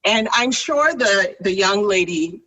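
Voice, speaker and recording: Animated storytelling woman, bright voice. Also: mid-range voice, slow. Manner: animated, laughing often. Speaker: guest. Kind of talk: casual storytelling conversation. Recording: distant from the mic.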